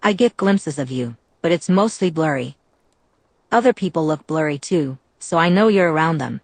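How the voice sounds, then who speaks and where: A woman's voice: low voice, expressive, moderate pace, no echo. Woman reading a bubbly vampire girl. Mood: teasing. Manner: cheerful, teasing. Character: bubbly young female vampire seer, playful.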